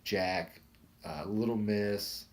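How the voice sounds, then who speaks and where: A man hosting a casual podcast chat, excitable and rambling, who swears and keeps saying dude. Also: on the low side, very slow. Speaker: podcast host.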